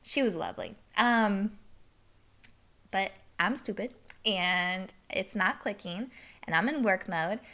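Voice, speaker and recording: A woman's voice: medium pitch, takes it slowly, pushed and bright. A woman hosting a podcast, telling a story in a casual, chatty way with laughs and plenty of fillers. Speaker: podcast host.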